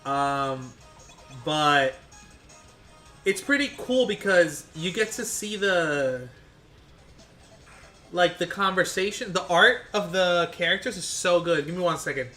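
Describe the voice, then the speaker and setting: A tired young man streaming a game, chatting with viewers in an excitable, rambling way and swearing now and then. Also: sits high, slow pace, long pauses, faint music behind. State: tired, short on sleep. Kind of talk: casual live-stream chat while gaming.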